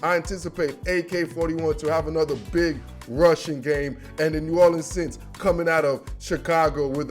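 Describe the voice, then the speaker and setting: A man with a high voice runs through his weekly game picks in loose, slangy chat. He keeps dropping bro and man as he talks. Faint music sits behind him. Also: steady tone, moderate pace, few pauses. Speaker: sports predictions host. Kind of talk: casual monologue.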